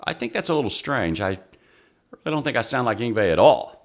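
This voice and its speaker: A man's voice: mid-range voice, very animated, brisk. A man, chatting casually and wryly about guitar playing on his own channel. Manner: chatty, self-deprecating, wry. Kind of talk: casual rambling vlog.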